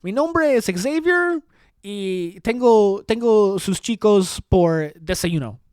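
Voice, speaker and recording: A man's voice: sits high, lively intonation, slow, darkish tone, smooth, no echo, clean studio sound. A man voicing a sleazy scheming politician with a mock Spanish accent in an exaggerated parody. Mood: sleazy gleeful.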